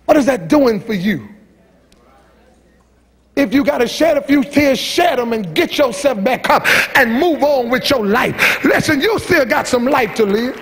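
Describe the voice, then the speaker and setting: A preacher with an unusually high, piercing voice and a rough, gravelly edge. He is a middle-aged man who preaches a folksy, fiery sermon, shouting out his points and then dropping into low, teasing asides. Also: expressive, measured pace. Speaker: pastor. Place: church sanctuary.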